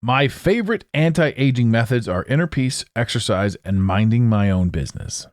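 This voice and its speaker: A man hosting a solo podcast, rambling in a jokey, animated way into a close microphone. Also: mid-range voice, moderate pace, hardly any pauses, no echo. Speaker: podcast host. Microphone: close studio mic.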